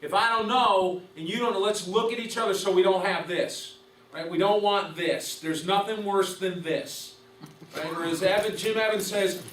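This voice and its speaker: An umpire instructor leads a conversational class, quizzing his students and repeating what matters most. He has a high, slightly bright voice at a normal speed. The sound is roomy and distant, with a faint hiss.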